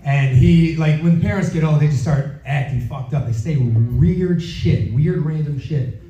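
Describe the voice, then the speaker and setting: A man's voice: a little high, a little slow. A man from Philadelphia doing a crude stand-up routine in a comedy club, often asking the audience if they follow him. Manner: brash, crude, checks in with the audience. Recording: echoey club recording, distant mic, loud audience laughter. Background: audience laughing.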